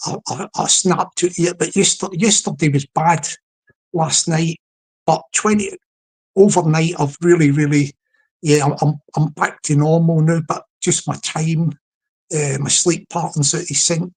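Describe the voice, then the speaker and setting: On a rough recording, a Scottish livestream host delivers rambling comedic live commentary in a chatty way, repeating words and restarting often. His male voice sits a little high and sounds slightly rough.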